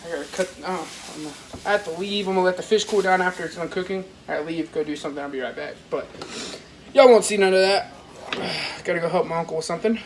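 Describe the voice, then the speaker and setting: A man's voice: sits high, fast talker. Rambling man cooking on camera. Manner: rambling, informal, talks straight to viewers. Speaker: fishing vlogger. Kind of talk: casual cooking vlog. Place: kitchen at his parents' house. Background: faint household noise.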